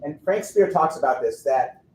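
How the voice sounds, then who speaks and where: A man speaking to a live audience, joking about himself as he walks through his story. His voice is a little high and mellow, with a faint hum of ambience behind it in an echoey hall. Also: lively intonation, moderate pace. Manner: humorous, self-deprecating anecdotes. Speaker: orthodontist giving a talk. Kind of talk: storytelling conference talk. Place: lecture room with an audience. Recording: echoey room.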